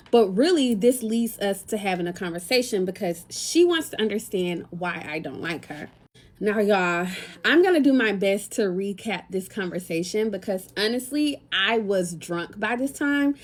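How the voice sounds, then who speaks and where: A woman's voice: medium pitch, a little hiss or hum. A young American woman telling a casual storytime vlog, chatty and talking straight to her viewers with a lot of slang. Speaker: lifestyle content creator.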